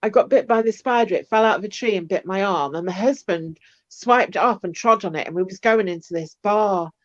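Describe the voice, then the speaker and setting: A woman's voice: medium pitch, brisk. Chatty woman telling a story. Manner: chatty, animated anecdote with acted-out quotes. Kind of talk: casual storytelling. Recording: dull lo-fi stream audio.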